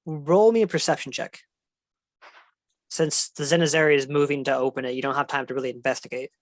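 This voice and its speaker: A man narrating as game master of a tabletop game, relaxed and descriptive with fillers. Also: mid-range voice, brisk, dry recording.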